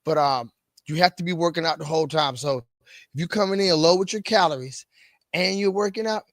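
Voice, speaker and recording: A man's voice: a little high, fairly quick, fairly bright tone, dry recording, clean studio sound. A middle-aged man coaching fitness, talking casually to the camera, often repeating words and restarting lines. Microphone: camera mic.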